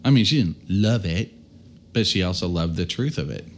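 Deep-voiced man, emphatic podcast co-host. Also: lively intonation, moderate pace. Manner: enthusiastic, emphatic, finishes the other's sentences. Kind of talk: casual chat.

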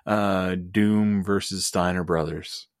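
A man's voice: low voice, fairly even intonation, takes it slowly, no echo, clean studio sound. A man co-hosting a podcast, chatting casually about a wrestling show, with a laid-back, rambling way of talking and frequent laughs. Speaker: podcast co-host. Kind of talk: casual wrestling recap chat.

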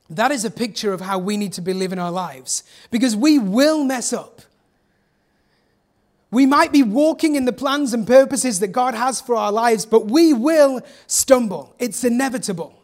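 A man with an English accent, a pastor delivering an earnest, emphatic sermon in church with dramatic pauses. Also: very high-pitched. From England.

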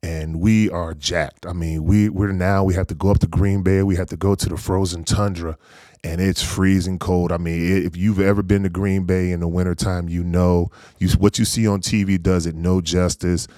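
A man in his forties from North Carolina, a former pro football player, recalls old games in an easygoing way. His voice is deep and the sound is close and dry. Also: moderate pace, dry recording. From North Carolina, USA. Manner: easygoing, animated anecdotes with frequent laughs. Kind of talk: casual storytelling interview.

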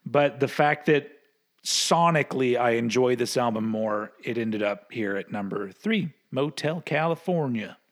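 A man's voice: mid-range voice, steady tone, normal speed. A man co-hosting a podcast in casual chat, rambling and laughing often as he talks, swearing casually. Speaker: podcast co-host.

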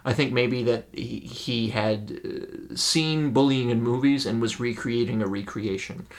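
A man's voice: mid-range voice, measured pace. Wry rambling man in casual chat. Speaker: podcast co-host. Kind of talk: casual film discussion.

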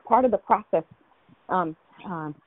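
A woman's voice: fairly low pitch, expressive, a little slow, no echo. A woman leading a prayer call, out of breath, speaking in an emphatic, encouraging way. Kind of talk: spirited prayer ministry on a call. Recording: tinny phone line.

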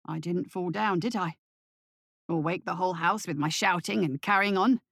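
A woman's voice: on the low side, moderate pace, gravelly, a bit bright, no echo, clean studio sound, pitched below the performer's own voice. A woman reading the part of a man who earnestly insists to his family that he is sober. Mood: pleading. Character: man, a remorseful father pleading his sobriety.

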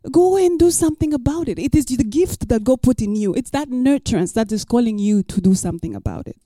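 A woman's voice: fairly high pitch, animated, a little fast, mellow, no room sound, studio quality. A woman pastor preaching a sermon, emphatic and repeating her key lines for the listeners.

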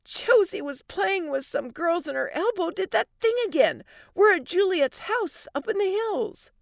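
Brief: woman reading a fed-up wife in a storytelling podcast, snappy and scolding, with a gravelly edge. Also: fairly high pitch, big pitch swings, unhurried, no room sound, studio quality, full character voice. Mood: urgent. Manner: sharp, scolding. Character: exasperated wife and mother, adult woman.

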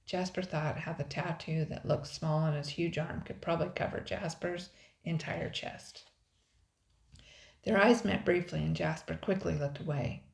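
An older woman with a notably low voice reads a children's storybook aloud, measured and expressive. Her voice carries a roomy echo around it. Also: creaky. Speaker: storybook reader. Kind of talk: children's audiobook narration.

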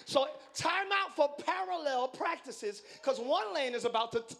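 A pastor preaching a live sermon to his congregation, excitable and playful, swinging from quiet asides to shouting and teasing the crowd. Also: extremely high pitch, moderate pace, gravelly. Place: large church hall.

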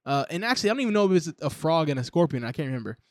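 A man's voice: a little high, racing. A man co-hosting a podcast, chatting casually and acting out lines from a show with plenty of swearing. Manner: animated, acts out quotes with profanity. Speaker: podcast co-host. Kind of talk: casual show review chat.

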